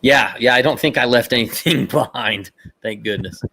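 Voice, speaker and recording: A man's voice: mid-range voice, normal speed, breathy edge. A middle-aged man co-hosting a podcast, telling a story in casual chat. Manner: storytelling, animated retelling. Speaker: podcast co-host.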